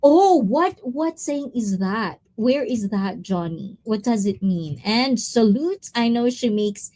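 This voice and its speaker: Excitable woman streamer, lively pitch. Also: takes it slowly. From Philippines. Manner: excitable, giggly, greets viewers by name. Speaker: livestreamer reading chat. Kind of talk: casual live-stream chat.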